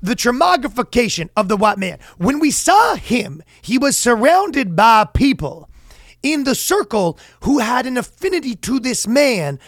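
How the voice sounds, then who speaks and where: A man putting on a long-winded male intellectual preacher who says simple things in slow, over-elaborate phrasing. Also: extremely high pitch, big pitch swings, dry recording, clean studio sound, pitched above the performer's own voice, full character voice. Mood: grandiloquent.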